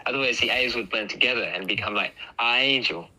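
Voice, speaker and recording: Bright-voiced man explaining sounds patiently. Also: lowish voice, quick pace, slightly rough, rough recording. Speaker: host. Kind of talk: casual explanatory chat.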